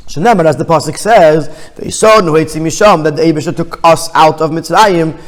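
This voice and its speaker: High-voiced rabbi teaching in a reverberant room. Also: male voice, normal speed. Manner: reads Hebrew phrases then explains in English, with restarts. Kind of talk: text study lesson.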